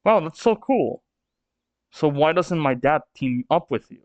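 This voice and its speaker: A man's voice: a little high, expressive, measured pace, no room sound, lo-fi sound. A man reading the lines of an eager, starry-eyed young giant boy in a slightly raised voice.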